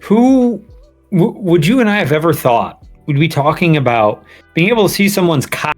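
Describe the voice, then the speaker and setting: Lively, profane male podcast co-host. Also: fairly high pitch, moderate pace, faint music behind. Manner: profane, animated, laughing storytelling. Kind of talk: casual sports podcast banter.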